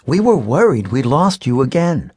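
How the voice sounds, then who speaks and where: A man's voice: medium pitch, big pitch swings, moderate pace, darkish tone, slightly rough, no room sound. Fond, mildly scolding storybook mom, voiced by a man; dry read. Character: exasperated but loving mother.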